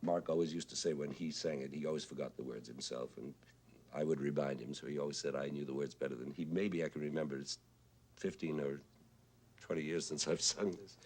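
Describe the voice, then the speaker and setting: An older man with a husky, whiskey-worn voice, reminiscing about his mentor in a thoughtful, unhurried way with hesitant fillers. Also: extremely low pitch, darkish tone, slight background noise. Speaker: composer and conductor recalling a mentor. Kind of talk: reflective spoken reminiscence. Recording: 1970s television broadcast archive.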